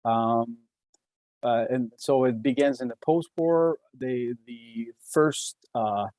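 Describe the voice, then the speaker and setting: Man, Québécois French accent, mid pitch, halting webinar talk, dry sound. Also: darkish tone, no room sound. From Quebec. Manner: hesitant, many uh fillers and restarts. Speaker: engineer presenting a webinar. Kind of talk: presentation.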